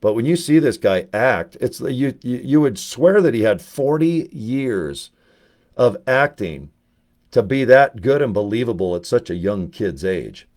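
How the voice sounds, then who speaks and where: A man talking casually to camera, telling rambling, animated anecdotes as a network marketer. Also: mid-range voice, a little slow.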